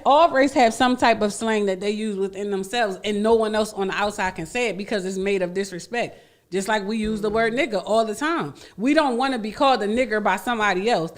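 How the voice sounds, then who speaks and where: A woman co-hosting a radio talk show, debating emphatically and restarting her sentences as she builds a point. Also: medium pitch. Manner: emphatic, repeats herself when starting a thought. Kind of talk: heated casual debate.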